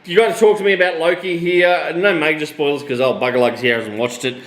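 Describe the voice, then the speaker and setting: A middle-aged Australian man co-hosting a casual live show, animated, swearing freely and laughing often. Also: fairly high pitch, fast talker, roomy sound. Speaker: co-host. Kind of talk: casual live-stream chat.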